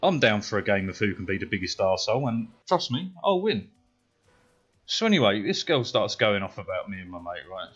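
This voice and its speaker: A British man streaming a game, telling a story in a casual, profane way that grows animated and louder as he gets worked up. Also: lowish voice, fairly quick, muffled recording. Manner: profane, swears constantly. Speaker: gaming streamer.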